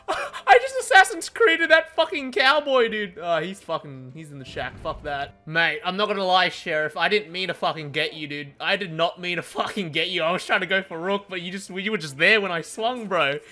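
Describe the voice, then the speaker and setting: A young man giving excitable, profanity-laced live commentary on his gameplay. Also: sits high, a little fast, faint music behind. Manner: excitable, swearing, laughing often. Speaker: gaming streamer.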